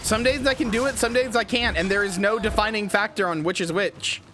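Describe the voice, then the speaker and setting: A man with a high voice talks a little fast as he plays a game and chats casually with his live-stream viewers. He rambles, swears freely, and laughs at himself.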